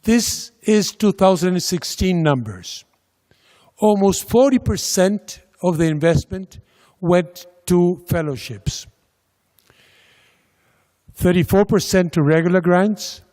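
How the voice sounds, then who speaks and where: A man giving a slide presentation about a funding agency's programs, speaking slowly and deliberately with pauses and fillers. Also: sits high, lively intonation, a little mellow. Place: lecture hall. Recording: lecture hall with long reverb.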